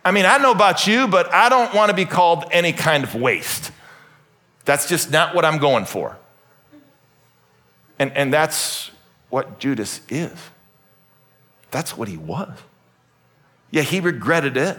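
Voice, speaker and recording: A man preaching a sermon to a congregation, jokey and animated, swinging from loud emphatic bursts to soft asides. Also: on the high side, unhurried, pauses often. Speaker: pastor. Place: church hall with congregation.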